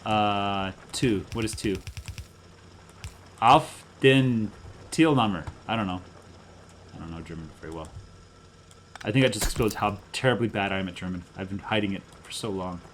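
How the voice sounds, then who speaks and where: A middle-aged man, hoarse from a cold, chatting and joking his way through a game commentary with his daughter. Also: low voice, quick pace, a little hiss or hum. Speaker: gameplay video host.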